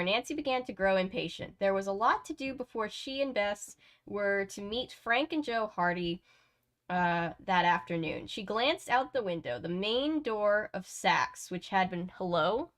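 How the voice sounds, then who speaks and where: A woman's voice: mid-range voice, expressive, unhurried, a bit bright. A woman hosting a book channel, reading a novel aloud at home and breaking off for chatty, self-mocking asides. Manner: chatty, laughs at herself, digresses often. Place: home editing room.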